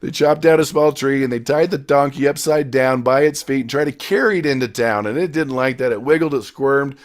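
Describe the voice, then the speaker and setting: Fairly quick and mid-range in pitch, this success coach gives an energetic, story-driven motivational business class, mixing loud emphatic outbursts with quiet asides.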